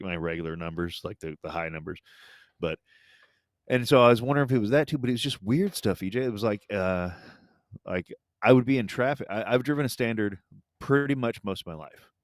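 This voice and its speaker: A man in his forties co-hosting a podcast in casual chat, low-key and hesitant, with many fillers. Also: no echo, clean studio sound. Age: 40s. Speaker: podcast co-host.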